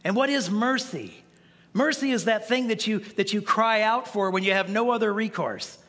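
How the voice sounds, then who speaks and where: A male pastor preaches in a loose, conversational way, stumbling over and repeating words as he goes. His voice sits high and sounds bright and forceful. Long reverb from the church hall trails every phrase. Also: normal speed. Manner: conversational preaching with frequent restarts and stammered repeats. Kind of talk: sermon. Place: church sanctuary.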